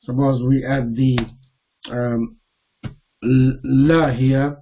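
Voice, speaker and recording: Slow, deliberate male grammar teacher. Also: mid-range voice, flat delivery, lo-fi sound. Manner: slow, deliberate, repeats terms and quizzes students. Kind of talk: live online grammar lesson.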